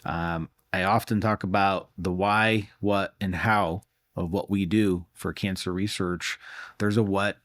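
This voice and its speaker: Doctor guy with a really low voice, earnest, keeps doubling words, dry close sound. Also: steady tone, a little slow, fairly bright tone, no room sound. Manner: earnest, often doubles words when starting a thought. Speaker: physician and cancer researcher. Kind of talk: reflective answer in an interview.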